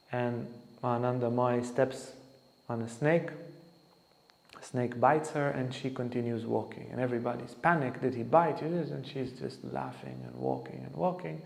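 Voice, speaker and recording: A man's voice: mid-range voice, expressive, normal speed, creaky, mellow. A man giving a spiritual lecture, telling stories about a saint in an earnest, anecdotal way. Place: lecture hall at an ashram. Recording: echoey hall reverb.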